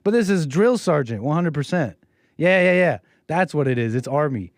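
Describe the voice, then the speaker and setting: A man's voice: fairly high pitch, lively intonation, moderate pace, no echo, clean studio sound. A man hosting a live stream, commenting on a video in a rambling, sarcastic way with frequent restarts.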